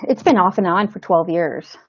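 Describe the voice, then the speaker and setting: Woman actor, interview guest. Casual, animated storyteller who acts out the voices. Mid pitch, dry, slightly lo-fi remote audio. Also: moderate pace, no room sound. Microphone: remote call setup. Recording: slightly dull lo-fi sound.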